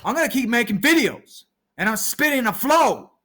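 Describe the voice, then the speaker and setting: A man vlogging and rambling through silly off-the-cuff freestyle raps, bursting into shouts now and then. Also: very high voice, big pitch swings, normal speed.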